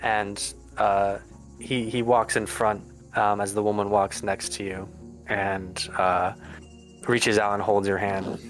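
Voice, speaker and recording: A man narrating a tabletop game as game master, descriptive and pausing. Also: lowish voice, flat delivery, soft background music, low-quality recording.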